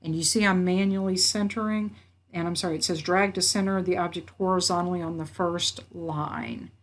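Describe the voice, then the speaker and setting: A woman instructor walking through a software tutorial, reading out each step and checking her work as she goes. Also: fairly low pitch, fairly even intonation, normal speed. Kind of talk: screen-recorded software tutorial. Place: at a computer.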